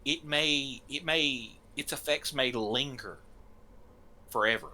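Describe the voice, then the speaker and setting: A man's voice: medium pitch, slow, sharp tone, full character voice. A man voicing a stern older female priestess who scolds a wayward young man. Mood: scolding. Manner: scolding, indignant.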